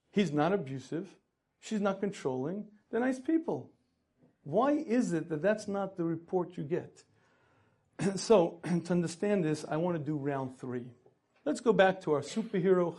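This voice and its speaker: In a high-pitched voice, a man delivers an animated storytelling lecture about marriage, acting out the characters. He clears his throat often.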